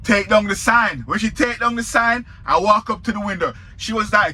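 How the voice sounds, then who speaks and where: Bright-voiced Jamaican man telling a story. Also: sits high, normal speed, hardly any pauses. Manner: animated storyteller, talks straight to viewers. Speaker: truck driver. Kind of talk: casual storytelling vlog.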